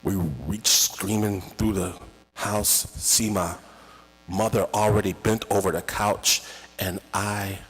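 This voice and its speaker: A man telling a dramatic, emotional personal story at a slow pace at a live event. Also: lowish voice, level tone, fairly bright tone. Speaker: storyteller and podcast host. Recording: reverberant hall.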